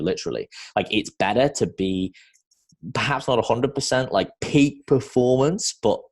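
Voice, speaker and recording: A man's voice: on the low side, moderate pace, slightly rough. A man from New Zealand hosting a podcast in a casual, rambling way with lots of fillers. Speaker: podcast host.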